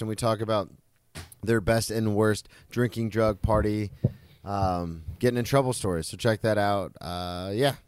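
A young man who is a comedian, co-hosting a casual sports podcast in a punchy, excitable way. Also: medium pitch, clear, resonant tone, no room sound, clean studio sound.

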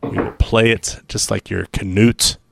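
A man's voice: on the low side, steady tone, unhurried, gravelly, a little hiss or hum. A man co-hosting a casual podcast, wry and laid-back as he reads out the show's plugs. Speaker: podcast co-host.

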